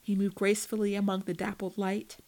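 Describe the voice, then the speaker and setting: A woman reading a first-person story aloud in a measured, steady storytelling manner. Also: mid-range voice, rough recording. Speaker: narrator. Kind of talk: first-person audiobook narration.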